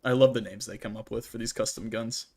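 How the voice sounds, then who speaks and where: A man's voice: fairly low pitch, fairly even intonation, fast, warm tone. A young adult man hosting a casual livestream Q&A while gaming, talking in a rambling, chatty way with many restarts and fillers. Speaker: streamer and channel host.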